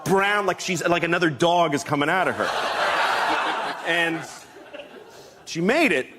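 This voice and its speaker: A man who is a comedian, telling a comic story as a guest on a TV talk show. He is animated and self-mocking and laughs as he talks. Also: fairly high pitch, unhurried, very noisy.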